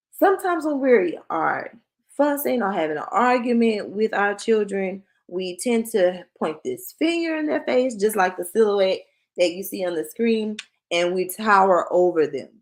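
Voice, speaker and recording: A woman who works as a school counselor, giving a conversational parenting workshop and acting out short parent-child exchanges. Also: medium pitch. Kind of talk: presentation to parents.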